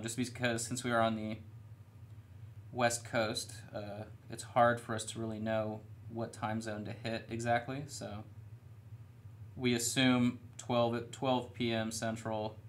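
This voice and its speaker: With slight background noise in his studio room, a young man of fairly low pitch chats while painting miniatures for a live stream. He stays relaxed, rambles a bit, and makes fun of himself.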